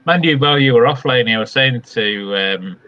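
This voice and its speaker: A man's voice: medium pitch, a little fast, bright, forceful tone. A man co-hosting a casual live-stream chat, easygoing and rambling, often losing his train of thought. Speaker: co-host. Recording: dull lo-fi stream audio.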